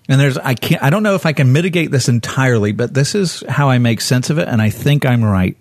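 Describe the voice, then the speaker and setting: A man preaching in a loose, conversational way, walking his listeners through a Bible story. He is lively and candid, slipping into the voices of the people in it with leaps in pitch. His voice sits at a middle pitch, and the sound is dry and close with no room echo. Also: fast talker, few pauses. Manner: lively, acts out quoted voices with sudden jumps in pitch; candid and self-correcting.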